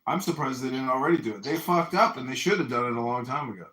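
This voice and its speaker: A man arguing in a loose live chat, loud with curses and scorn. His voice sits in the middle range. The sound carries a roomy echo. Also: mid-range voice, fast talker. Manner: profane, emphatic, mocking. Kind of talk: heated casual debate.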